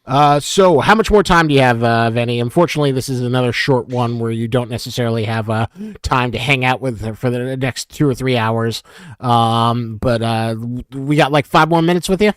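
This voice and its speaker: A man hosting a community live stream, reading out viewer questions in a casual, halting way with lots of fillers. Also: mid-range voice, smooth, dry recording, clean studio sound. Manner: halting, many fillers, chuckles often.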